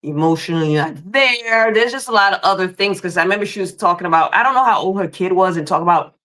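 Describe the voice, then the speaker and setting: A woman's voice: fairly low pitch, fast talker, fairly bright tone. A woman co-hosting a live reality-TV recap in a matter-of-fact, conversational way. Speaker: podcast co-host.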